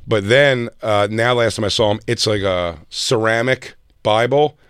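A man's voice: on the low side, unhurried, fairly bright tone, smooth, dry recording, studio quality. A man co-hosting a podcast, telling loose, laughing anecdotes in casual chat. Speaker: podcast co-host.

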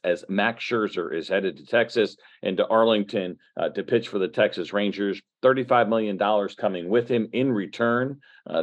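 A man with a low voice co-hosts a casual sports podcast. He talks steadily, sprinkling in "uh" fillers as he goes. The audio is slightly muffled and lo-fi. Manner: fluent, uses "uh" fillers. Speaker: podcast co-host.

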